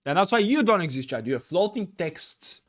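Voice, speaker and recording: A man with a high, sing-song voice plays through a gamebook at a moderate pace, reading it aloud. His let's-play commentary rambles, packed with fillers and blurted swearing.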